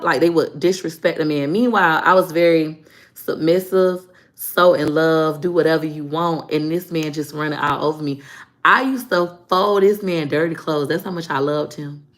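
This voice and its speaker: A woman's voice: low voice, steady tone, moderate pace. A woman in her thirties from Florida, hosting a livestream, chatting frankly and laughing as she tells stories about her life. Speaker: livestream host. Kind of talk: casual storytelling chat.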